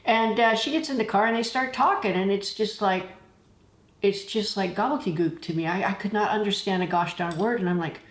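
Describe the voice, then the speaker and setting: A woman's voice: medium pitch, a little fast. Chatty woman vlogger in an echoey room. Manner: chatty, anecdotal, laughs while telling stories. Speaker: travel channel host. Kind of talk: casual talking-to-camera vlog.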